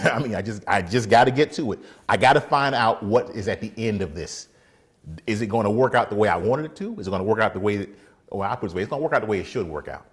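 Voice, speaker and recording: A man, a defense attorney, giving a casual motivational faith talk, animated, laughing often and acting out little scenes. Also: on the low side, fast talker, slightly rough.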